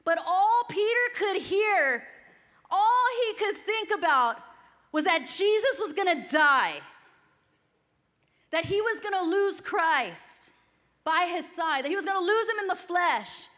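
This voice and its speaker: A woman preacher delivering an energetic, exhortative sermon that rises to shouts. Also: very high voice, slow.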